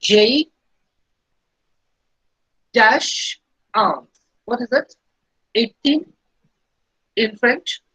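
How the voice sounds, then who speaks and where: A woman teaching a beginner French lesson, explaining slowly and patiently and repeating each phrase. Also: fairly high pitch, a bit bright, slightly rough, no echo. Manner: slow, patient explaining with repetition. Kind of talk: recorded language lesson. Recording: dull lo-fi recording.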